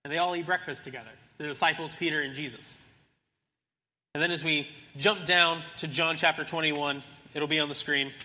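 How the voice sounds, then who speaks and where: A man's voice: a little high, fairly even intonation, moderate pace, bright, forceful tone, big-room sound. A young man preaching a sermon in a casual storytelling way, acting out the characters as he retells a scripture story. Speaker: pastor.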